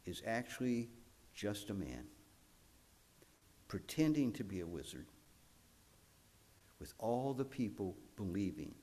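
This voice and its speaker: A male pastor telling a story in a sermon, animated, with frequent swings in pitch and loudness.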